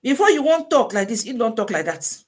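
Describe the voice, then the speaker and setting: Animated woman with a Nigerian Pidgin lilt. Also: a little high, a little fast, husky. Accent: Nigerian Pidgin English. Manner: animated, full of rhetorical questions and "eh?". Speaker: host of a live stream. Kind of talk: casual live-stream advice talk.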